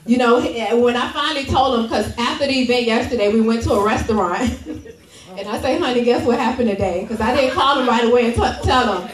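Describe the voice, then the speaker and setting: A woman's voice: fairly high pitch, fairly quick. A woman telling a personal story on stage at a training event, laughing often and speaking with grateful emotion. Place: large event room. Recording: echoey hall, mic at a distance.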